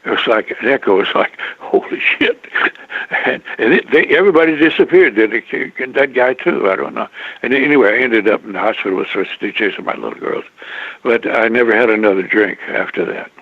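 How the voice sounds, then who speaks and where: An older man, a guest in an interview, telling a long rambling story, halting and restarting often, with a chuckle now and then. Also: mid-range voice, dry recording. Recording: dry tinny phone line.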